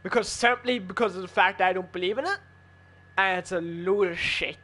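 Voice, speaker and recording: A man's voice: sits high, normal speed, sharp tone. A man in a casual chat while gaming with friends, arguing heatedly and swearing a lot. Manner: heated, profane, argumentative.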